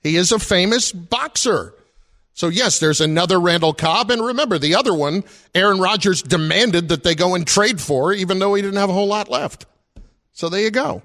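A man's voice: high voice, expressive, normal speed, fairly bright tone. A man hosting sports talk radio, running a quiz with teasing, dry banter into a studio microphone.

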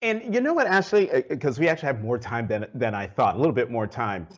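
A man hosting a news interview, conversational and quick to laugh as he asks questions. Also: mid-range voice, lively intonation, lo-fi sound. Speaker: host.

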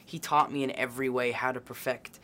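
A man's voice: medium pitch, level tone, brisk, bright, forceful tone. A man from England with a Southwest London accent, an actor guest answering press interview questions in an upbeat, easygoing way. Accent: Southwest London English.

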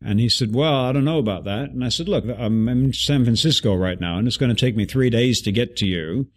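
A man guest telling an animated story in an interview, acting out the voices of people he quotes. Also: medium pitch, a little fast.

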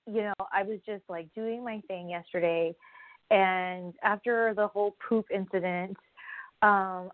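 A woman's voice: medium pitch, no echo. A woman talking candidly in a casual personal vlog, rambling and losing her train of thought now and then. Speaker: vlogger. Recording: dry, phone-like narrow sound.

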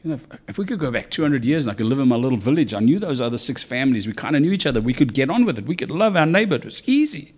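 A man preaching a conversational sermon, animated, with acted asides. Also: mid-range voice, rapid-fire, few pauses. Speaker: pastor.

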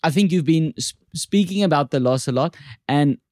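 A man's voice: fairly high pitch, moderate pace, darkish tone, no room sound, studio quality. A man with a South African accent hosting a podcast, joking and rambling in casual chat. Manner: joking, rambling, self-deprecating. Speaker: podcast host.

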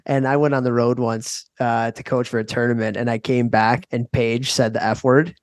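A man in his thirties co-hosting a podcast, chatty and quick to laugh in casual talk. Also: medium pitch, little pitch movement, no echo, studio quality. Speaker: podcast co-host. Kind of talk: casual chat.

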